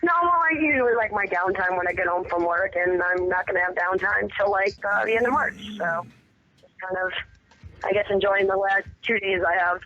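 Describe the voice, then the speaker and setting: A woman's voice: mid-range voice, fairly quick, sharp tone, faint music behind. A woman calling in to a radio show and chatting casually. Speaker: caller. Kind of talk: casual phone chat. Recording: dull lo-fi sound.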